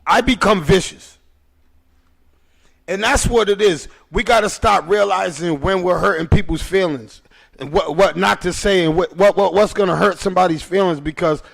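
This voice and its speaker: Rambling, high gravelly man. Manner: rambling, emphatic, profane. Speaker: podcast host. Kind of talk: casual chat.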